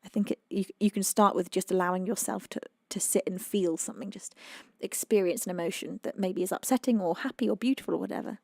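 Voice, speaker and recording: A chatty woman from the UK talks loosely to her live-stream audience, full of ums and little laughs. Her voice sits at an ordinary middle pitch. The mic is close and dry, with no room sound. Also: steady tone, fast talker, creaky, hardly any pauses, dry recording. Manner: chatty, reads chat aloud, many fillers, laughs often. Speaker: singer-songwriter streamer. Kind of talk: casual live-stream chat.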